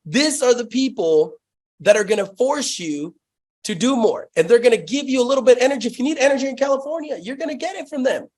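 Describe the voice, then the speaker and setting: Hyped, swearing salesman, high voice. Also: lively intonation, fast talker, a little mellow. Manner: profane, hyped storytelling, lots of "bro". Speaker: guest, sales company founder. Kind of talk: casual podcast interview.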